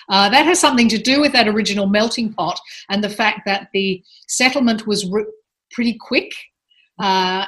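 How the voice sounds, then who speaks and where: Thoughtful woman explaining accents calmly. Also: medium pitch. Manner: thoughtful, measured explanations with frequent hesitations. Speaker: linguistics expert guest. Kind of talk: casual expert interview.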